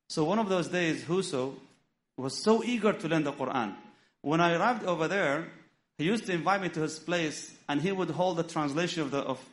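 A middle-aged man whose first language is Arabic, giving a storytelling sermon, acting out dialogue and weaving in Arabic phrases. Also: a little high. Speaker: imam giving a talk.

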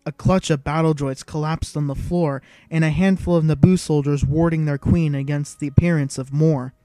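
A man narrating an audiobook in a measured, even storytelling manner. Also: fairly high pitch, no echo.

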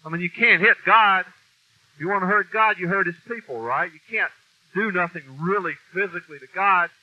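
The sermon is informal and folksy, a man preaching bluntly with mild cursing and lots of stress on his words. His high-pitched voice moves briskly, recorded through a mic in a meeting room with dull, lo-fi sound.

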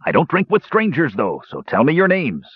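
A man voicing a gruff, jovial male dwarf who growls and turns hearty, in an audiobook reading. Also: a little high, wildly swooping pitch, moderate pace, dry recording, lo-fi sound, pitched above the performer's own voice, full character voice. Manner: growling, then hearty and cheerful.

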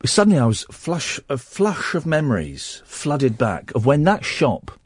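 A man's voice: fairly high pitch, big pitch swings, unhurried, husky, no room sound. A man hosting a casual late-night radio show, reading tips aloud and riffing on them with jokes. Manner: jokey, reads aloud and riffs in silly voices. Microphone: studio microphone. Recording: dry studio sound.

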